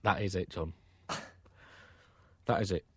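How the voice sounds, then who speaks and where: A man co-hosting a comedy podcast, reading scripted satirical news in a deadpan, wordy style. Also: low voice, a little slow, breathy edge, no room sound.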